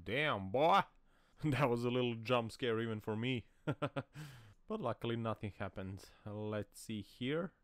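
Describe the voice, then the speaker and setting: A man commenting on dashcam clips in a casual, mocking way, laughing often and shouting out now and then. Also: medium pitch, a little slow, no echo. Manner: mocking, laughs often, sudden loud exclamations.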